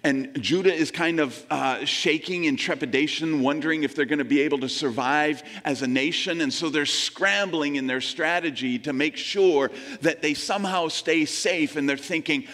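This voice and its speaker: An earnest male pastor preaching a sermon, his voice sitting a little higher than most men's. He slows down and sinks low on the scripture lines, then lifts for emphasis. A long reverb trails after his words in a large room. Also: fairly bright tone.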